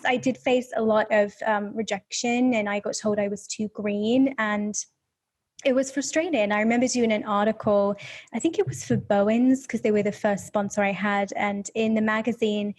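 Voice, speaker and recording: Animated young British woman, slightly high. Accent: mixed British and transatlantic. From English Midlands. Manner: animated storytelling, acts out past conversations. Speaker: guest photographer. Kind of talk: conversational interview.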